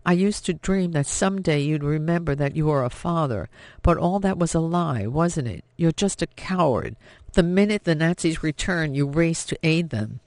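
A man voicing a headstrong young woman of nineteen, impassioned and sharp as she stands up to her father. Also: a little high, lively intonation, normal speed, no room sound. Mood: defiant.

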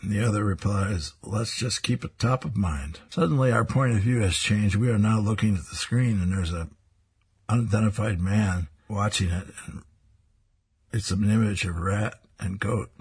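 A man with a low, husky voice reads comic strips aloud, describing each panel in plain detail. He chuckles to himself between strips. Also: moderate pace, darkish tone.

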